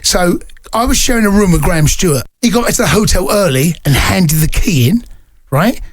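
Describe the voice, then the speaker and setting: A man's voice: high voice, expressive, fairly quick. A middle-aged man co-hosting a podcast, telling a story in casual chat with a teasing, giggly manner. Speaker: podcast co-host.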